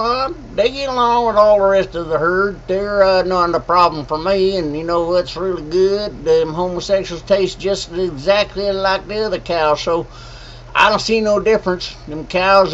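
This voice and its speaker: A man's voice: high voice, fairly bright tone. A man playing a folksy rural rancher who rambles with hesitant filler. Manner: drawling, rambling, folksy slang. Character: folksy rural old rancher chewing tobacco. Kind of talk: comedic monologue. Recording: dull lo-fi sound.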